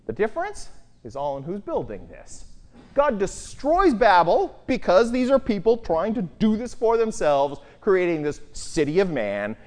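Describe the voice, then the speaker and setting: Lively Bible teacher, pitch swinging widely, quizzing the listeners, recorded in a hall with long reverb. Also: a little slow. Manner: animated, asks the listeners rhetorical questions.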